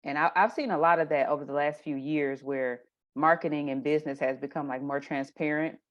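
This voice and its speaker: A woman chatting casually as a guest, telling animated stories and acting out her own reactions. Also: deep voice, fairly quick, highs cut off. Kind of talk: casual conversation.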